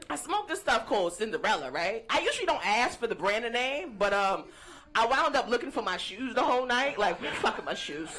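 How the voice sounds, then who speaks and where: A woman's voice: a little high, fairly bright tone, a little hiss or hum. A young woman doing a brash, profane stand-up set, teasing the crowd. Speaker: stand-up comedian. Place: comedy stage before a live audience. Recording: live stage mic with crowd laughter.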